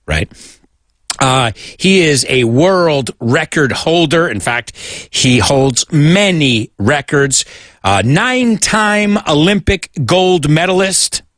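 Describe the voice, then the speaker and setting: An American man hosting a radio English lesson, chatty and playful as he hops between English and Spanish. His voice sits fairly high and swoops up and down a lot. He sounds close and dry on a studio mic. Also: a bit bright, no room sound. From United States. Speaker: radio host teaching English.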